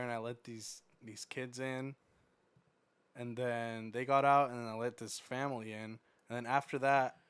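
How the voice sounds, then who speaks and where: A man's voice: medium pitch, clear, resonant tone. A young man co-hosting a podcast, telling work stories in casual chat and swearing freely. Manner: swears freely, acts out quotes loudly. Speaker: podcast co-host.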